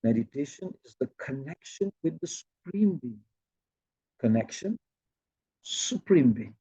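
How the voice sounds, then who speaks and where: A man imitating a calm woman teacher, speaking softly in slow, pausing phrases and repeating key words. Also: mid-range voice, husky, dry recording, lo-fi sound, pitched below the performer's own voice, full character voice. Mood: serene, deliberate.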